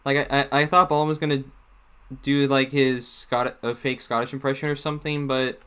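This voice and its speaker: A man's voice: mid-range voice, level tone, a little fast, fairly bright tone, clear, resonant tone. A man giving casual video commentary, talking hesitantly with many restarts. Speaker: YouTuber.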